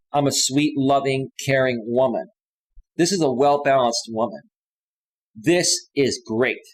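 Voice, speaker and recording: A middle-aged man hosts a live stream as a dating coach, his voice sitting in a middle pitch. He tells stories with animation and gets louder and higher when reading messages aloud. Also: rough recording. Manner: animated storytelling, reads messages aloud in a raised voice.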